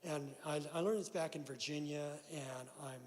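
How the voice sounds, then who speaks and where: Man, storytelling at a meeting, slightly high voice, echoing hall. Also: moderate pace. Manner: animated storyteller acting out voices. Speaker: recovery meeting speaker. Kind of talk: personal story told at a meeting. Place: church hall. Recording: long hall reverb.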